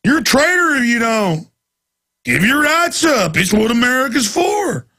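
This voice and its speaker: A man's voice: very high-pitched, fairly even intonation, moderate pace, sharp tone, pitched above the performer's own voice, heavily acted. A man putting on a sarcastic, sing-song voice to parody a naive, flag-waving patriot.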